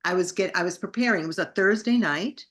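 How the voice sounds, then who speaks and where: A woman's voice: lowish voice, quick pace, fairly bright tone. A middle-aged woman, a singer and actress, telling her story in an interview with an enthusiastic, grateful manner.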